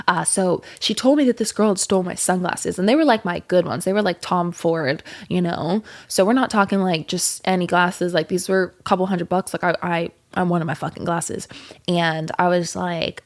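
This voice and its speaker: Gravelly-voiced woman telling a candid story. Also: fairly low pitch, moderate pace. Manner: candid, swears freely, rambling with many fillers. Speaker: podcast host. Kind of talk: casual storytelling monologue.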